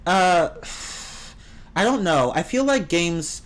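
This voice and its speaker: Opinionated streamer chatting loosely with viewers, lively, swooping delivery. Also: slow. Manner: rambling and opinionated, with swings in pitch; reads and answers the chat. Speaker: game streamer. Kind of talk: casual live-stream chat.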